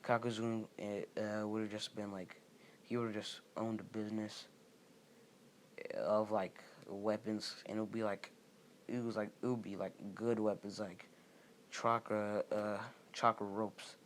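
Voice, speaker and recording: A man's voice: fairly low pitch, flat delivery, unhurried, a little hiss or hum. A young man telling a fan story off the cuff, rambling with many fillers and restarting sentences. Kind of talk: casual unscripted storytelling.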